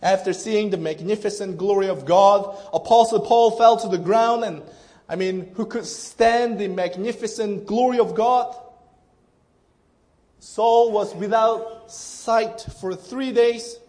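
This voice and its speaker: A man's voice: high voice, slow, darkish tone. A male pastor preaching an earnest, emphatic sermon to a congregation, often restarting his phrases.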